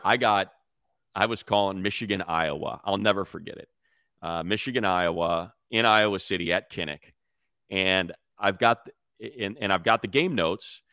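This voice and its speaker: A man's voice: low voice, normal speed, sharp tone, clean tone, no room sound. A man hosting a sports podcast, telling stories in a casual chat and mimicking the voices of others. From Detroit, raised near Chicago.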